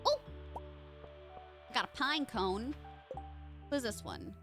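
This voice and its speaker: A young woman chatting playfully while streaming a game. Her voice sits high and swoops up and down a lot, with a bright, sharp edge. She keeps a teasing, chatty tone. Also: huge pitch swings, takes it slowly, long pauses, soft background music. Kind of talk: casual live gameplay chat.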